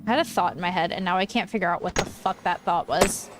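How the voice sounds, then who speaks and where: A woman's voice: fairly low pitch, fast talker, very noisy. A young woman streaming a game in casual, rambling chat, tired and swearing now and then. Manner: rambling, frustrated, drops swear words. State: tired, yawning.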